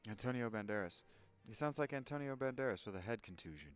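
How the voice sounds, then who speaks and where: A man's voice: medium pitch, expressive, fast, clean tone. Sarcastic man commenting on a game. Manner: sarcastic, joking asides. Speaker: gaming channel host. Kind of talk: casual let's-play commentary. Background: game music.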